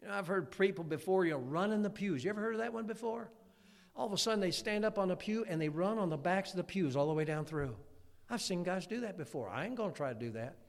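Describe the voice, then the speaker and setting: A man's voice: high voice, quick pace, gravelly. Folksy preacher man in a reverberant church. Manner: folksy, animated preaching with acted quotes. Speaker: pastor. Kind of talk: sermon. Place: church sanctuary.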